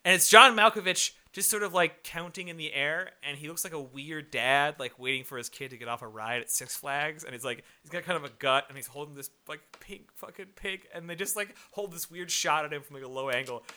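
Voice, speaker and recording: A man's voice: on the high side, brisk, hardly any pauses, sharp tone. A man co-hosting a casual movie review chat, rambling and profane with lots of fillers. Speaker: podcast co-host.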